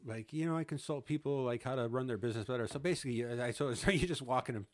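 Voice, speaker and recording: This man, in his thirties and hosting a casual podcast, talks fast in a mid-range voice while telling a story. He laughs frequently, uses profanity, and imitates what others said.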